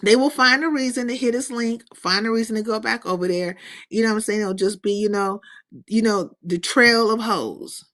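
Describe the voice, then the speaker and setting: A woman's voice: fairly high pitch, moderate pace, fairly bright tone. A woman hosting her own livestream, talking loosely and with lots of swearing as she rambles, reacts to comments and greets viewers. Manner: loose, profane, rambling chat with chat readers. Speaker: livestream host. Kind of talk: casual livestream chat.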